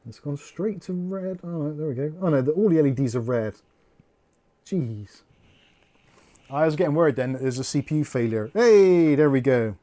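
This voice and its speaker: A man's voice: fairly high pitch, moderate pace, mellow. A man hosting a live stream, chatting casually and swearing as he works through a build at home. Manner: chatty, swearing, laughing at himself. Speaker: host.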